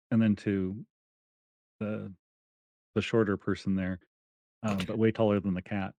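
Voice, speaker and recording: A man's voice: fairly low pitch, steady tone, moderate pace, long pauses, darkish tone, dry recording. A man player casually describing his character's actions in a tabletop game. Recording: dull lo-fi mic.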